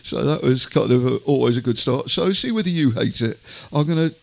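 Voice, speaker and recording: A man's voice: medium pitch, animated, fairly quick, vocal fry, darkish tone. A middle-aged man hosting a music show, chatting casually and rambling with plenty of "uh" fillers and asides. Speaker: radio music show host.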